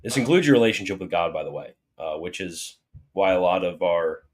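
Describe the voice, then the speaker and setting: This livestream host answers super chats, reading each viewer question out loud, reacting with playful mock alarm, then giving a sincere explanation. He speaks fairly quickly in a low voice.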